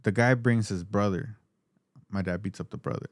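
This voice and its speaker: Casual male podcast host, lowish, dry close-mic sound, profane rambling storyteller. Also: normal speed, dry recording. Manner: profane, rambling anecdotes with frequent laughter.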